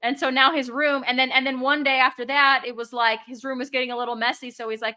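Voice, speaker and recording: A middle-aged woman, a mother, chatting casually and telling stories with lively acted-out quotes. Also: high-pitched, fairly quick, hardly any pauses. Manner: animated storyteller, acts out quotes. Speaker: guest. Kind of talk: casual chat.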